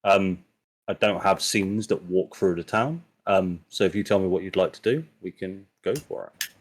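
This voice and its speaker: Easygoing man as dungeon master, lowish voice, relaxed narration. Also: normal speed. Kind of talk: running a tabletop game.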